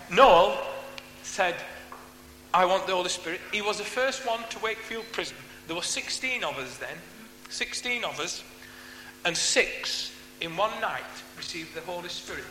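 High, bright-voiced man testifying. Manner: earnest, rambling with restarts. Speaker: ex-prisoner giving testimony. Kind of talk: church testimony. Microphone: handheld mic, unfamiliar to him. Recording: echoey hall with faint hum.

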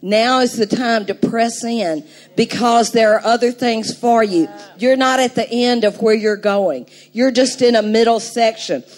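An older woman preaching a sermon, telling a story with animated emphasis and laughing now and then. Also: a little high.

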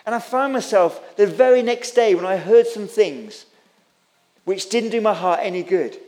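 A male pastor delivering a sermon with a fairly high-pitched voice. He repeats his lines for emphasis and restarts words when he gets worked up, speaking with impassioned conviction. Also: lively intonation, moderate pace, darkish tone. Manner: impassioned, repetitive, with stammered restarts.

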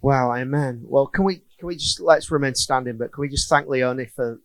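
A man's voice: medium pitch, fairly quick, no echo. Man wrapping up a church service. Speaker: church leader. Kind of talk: closing remarks at a service.

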